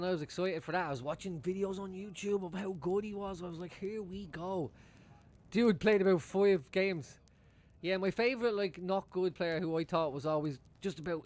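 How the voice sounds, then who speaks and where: A man's voice: high-pitched, normal speed, darkish tone. Chatty, cursing male football streamer. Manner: rambling, swears freely, chuckles often. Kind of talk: casual live-stream chat.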